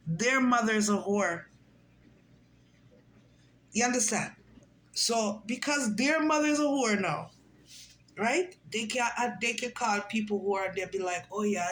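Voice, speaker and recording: Animated storytelling woman, higher voice. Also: slight background noise, low-quality recording. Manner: animated, acts out quoted voices. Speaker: vlogger. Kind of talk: casual storytelling monologue.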